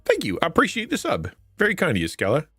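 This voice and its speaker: A man's voice: on the high side, wildly swooping pitch, fast talker, music in the background. Chuckling man chatting on a stream. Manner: laughs often, retells stories with acted quotes. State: stuffy nose. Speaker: livestream host. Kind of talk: casual chat with live chat viewers.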